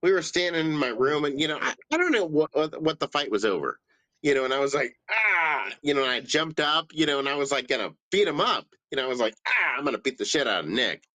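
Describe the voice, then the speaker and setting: A man's voice: fairly high pitch, expressive, fast talker, fairly bright tone, no room sound. A man in his thirties telling a story in casual chat, full of "you know" fillers. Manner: loose storytelling with many fillers. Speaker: stream co-host.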